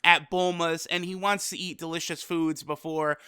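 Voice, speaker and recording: Bright, clear-voiced male anime reviewer. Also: a little high, moderate pace, no echo, clean studio sound. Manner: energetic, animated retelling with quoted lines. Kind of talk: casual episode recap.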